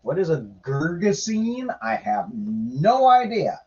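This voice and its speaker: A man's voice: high-pitched, very animated, takes it slowly, hardly any pauses, a little mellow, lo-fi sound. A man giving irreverent, sarcastic casual commentary while reading scripture aloud, swearing now and then. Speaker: podcaster reading and commenting on the Bible.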